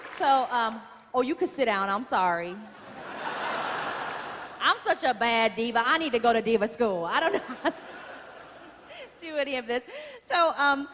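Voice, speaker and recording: A woman comic talks to a theater audience in a chatty, self-mocking way and swears for punch. Her voice sits high. The live sound carries a long hall reverb, crowd noise and steady room noise. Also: moderate pace, long pauses. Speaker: stand-up comedian. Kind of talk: stand-up comedy. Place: large theater stage.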